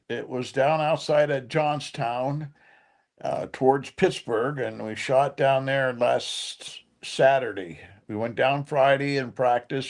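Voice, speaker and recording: Man, casual chat, modest, unhurried, slow pace, mid-pitched voice. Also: darkish tone. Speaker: guest shooter.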